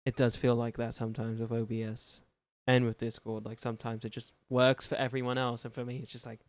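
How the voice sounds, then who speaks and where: A man's voice: mid-range voice, flat delivery, brisk, no room sound. A man chatting on a gaming livestream, rambling and joking and laughing often. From Australia. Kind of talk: casual gaming livestream chat.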